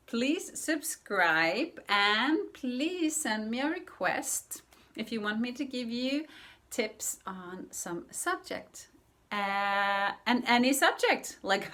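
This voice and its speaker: A woman's voice: a little high, a bit bright. A woman language coach giving friendly casual tips in a vlog lesson, repeating words and laughing lightly.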